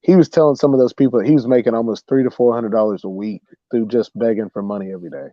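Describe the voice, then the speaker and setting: A young man hosting a livestream, casually telling a funny story, animated and saying "bro" a lot. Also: medium pitch, fast talker, no echo, lo-fi sound. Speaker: livestream host.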